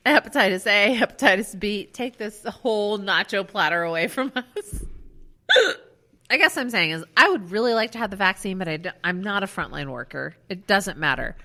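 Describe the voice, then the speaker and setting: Casting: drunk woman co-host with hiccups, lively swooping voice, bright, swears freely. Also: mid-range voice. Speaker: podcast co-host. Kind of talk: casual chat.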